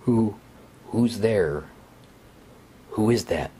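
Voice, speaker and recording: A man voicing a panicked, hysterical man lost in the woods, yelling frantically. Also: lowish voice, lively intonation, drawn-out words, a little hiss or hum, voice pushed up. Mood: frightened.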